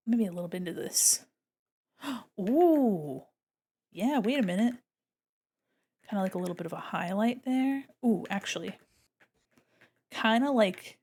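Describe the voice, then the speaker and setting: A woman's voice: medium pitch, darkish tone, husky. A woman streaming as she paints digital art, chatting casually with viewers in a bubbly, rambling way with frequent giggles. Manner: chats with viewers, thinks aloud. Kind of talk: casual live-stream chat while drawing.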